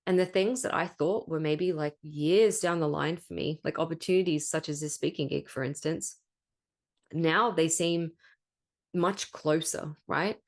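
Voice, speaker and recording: A woman's voice: low voice, unhurried. A woman hosting a spiritual podcast in a casual monologue, candid and emphatic, swearing freely and often tagging thoughts with "right?". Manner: spiritual coaching talk, rhetorical "right?". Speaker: podcast host.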